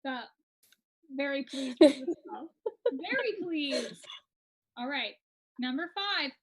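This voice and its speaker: A woman's voice: sits high, animated, slow pace, a crowd in the background. A young American woman co-hosting a quiz, playful and self-deprecating, half-singing song lyrics. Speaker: quiz co-host.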